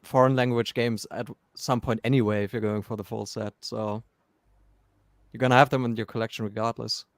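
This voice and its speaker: A man's voice: mid-range voice, steady tone, fairly quick, dry recording. A man who is a guest on a podcast and answers briefly and plainly. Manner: brief, matter-of-fact. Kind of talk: casual chat.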